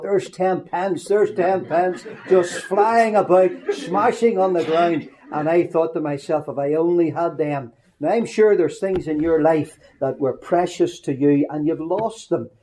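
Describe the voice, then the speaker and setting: A middle-aged man with a Northern Irish accent, preaching through humorous personal anecdotes with quick asides. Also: a little high, dark tone, a little hiss or hum. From Northern Ireland. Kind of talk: storytelling sermon.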